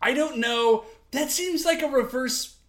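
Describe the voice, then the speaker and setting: A man co-hosting a podcast, chatting casually as he recaps a TV episode, animated and laughing as he acts out quotes. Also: very high-pitched, a little slow. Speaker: podcast co-host.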